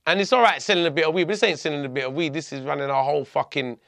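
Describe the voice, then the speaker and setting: A man, telling a story as a podcast guest in a lively, profane way. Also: on the high side, very fast, creaky, dry recording. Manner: animated, profane, laughing storyteller. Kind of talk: storytelling in conversation.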